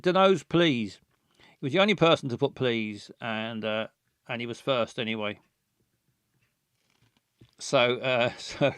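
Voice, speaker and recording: A man's voice: medium pitch, a bit bright, clean tone, dry recording, clean studio sound. A man hosting a live-stream game playthrough, talking hesitantly with many ums and chuckles and greeting viewers by name.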